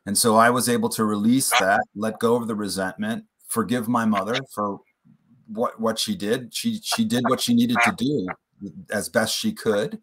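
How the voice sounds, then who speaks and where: Brief: man, interview guest, low pitch, bright tense edge, earnest storyteller. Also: steady tone, normal speed, husky. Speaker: podcast guest, playwright and author.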